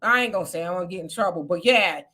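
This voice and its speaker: A woman's voice: lowish voice, animated, quick pace, pushed and bright. A woman from California giving blunt, colloquial political commentary on a casual live stream.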